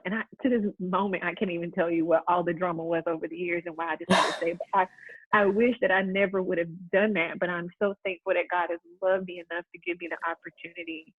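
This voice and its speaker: A woman's voice: fairly low pitch, breathy edge. Earnest woman host on a tinny line. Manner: heartfelt, earnest, many "like"s and restarts. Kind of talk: casual faith chat.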